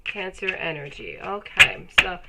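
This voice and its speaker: A woman with a cold and a stuffy, nasal voice, chatting warmly with her viewers while reading tarot on a live stream. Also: lowish voice, measured pace, vocal fry, heavy background noise. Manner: chatty, affectionate, laughs often. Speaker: tarot reader.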